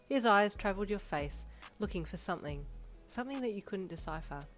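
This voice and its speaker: A woman narrates second-person fanfiction in a steady, even way. Her voice sits a little low for a woman. Soft music plays faintly behind her. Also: brisk. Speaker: fanfiction reader. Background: soft background music.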